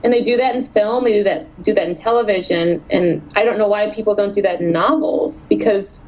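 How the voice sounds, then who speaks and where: Woman, 30s, author guest; animated, laughing delivery, medium pitch. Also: rough recording. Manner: animated, laughs often, quick asides. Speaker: author being interviewed. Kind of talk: casual interview chat.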